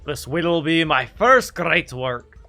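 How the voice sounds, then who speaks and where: A man's voice: on the high side, animated, takes it slowly, creaky, bright, forceful tone, faint music behind, full character voice. A man voicing a vain, pompous male pirate captain with a put-on Scottish accent and grandiose, theatrical speech. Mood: boastful. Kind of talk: voicing game dialogue on a stream.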